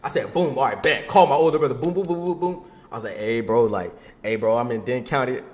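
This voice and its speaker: A young man casually telling a story from his own life to a camera. He talks in loose slang, says "bro" and "boom" a lot, and laughs along the way. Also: fast talker, darkish tone, reverberant. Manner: slangy and laid-back, peppers talk with "bro" and "boom".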